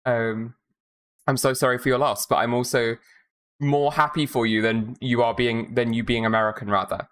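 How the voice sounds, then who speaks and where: A streamer from Minnesota giving casual, rambling commentary while playing a game, swearing often and tossing in quick asides. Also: medium pitch, steady tone, a bit bright, clean tone.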